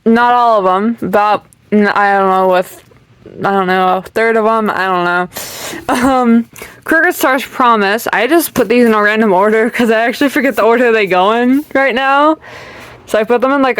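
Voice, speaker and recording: A young woman giving a casual bookshelf tour, chatty and rambling, often trailing off with ums and little giggles. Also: mid-range voice. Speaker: channel host.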